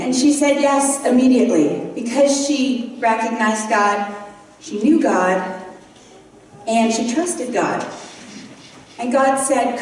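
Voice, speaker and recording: A woman giving a sermon, telling a story in a gentle, unhurried way with touches of light humor. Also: a little high, a little hiss or hum. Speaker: guest speaker. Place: large church hall. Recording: echoey hall, voice from far off.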